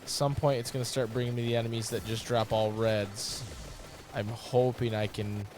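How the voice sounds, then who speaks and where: A man hosting a gaming video, giving rambling, jokey playthrough commentary, cursing freely and breaking into loud yelps. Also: mid-range voice, moderate pace, noisy background. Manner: excitable, swears freely, bursts into loud yelps. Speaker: gaming channel host.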